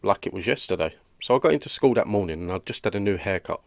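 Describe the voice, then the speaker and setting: A man's voice: on the low side, lively intonation, quick pace, vocal fry, dry recording, clean studio sound. A man voicing a lonely, awkward young roommate in a cartoon, speaking with a British accent in an earnest, rambling way. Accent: British English. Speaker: cartoon character. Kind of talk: animated comedy dialogue.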